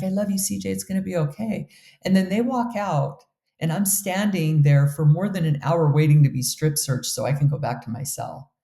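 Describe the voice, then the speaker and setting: A woman's voice: sits low, mellow, reverberant. A middle-aged woman telling her life story as an interview guest, earnest and heartfelt, with many fillers. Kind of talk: emotional personal storytelling.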